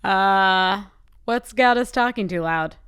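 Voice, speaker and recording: Smooth-voiced female podcast co-host. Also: mid-range voice, takes it slowly, a bit bright. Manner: amused, reactive, laughs often. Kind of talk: casual chat.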